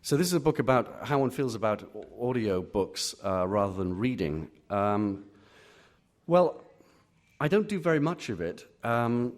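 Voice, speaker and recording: A middle-aged Englishman, a literary critic answering audience questions at a live reading, full of pauses and restarts. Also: medium pitch, sing-song. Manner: hesitant, many fillers and restarts. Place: auditorium.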